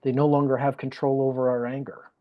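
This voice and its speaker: A man's voice: mid-range voice, flat delivery, fairly quick, highs cut off. A man, a guest speaker, telling a personal story in conversation, earnest and emotional, often repeating phrases for emphasis.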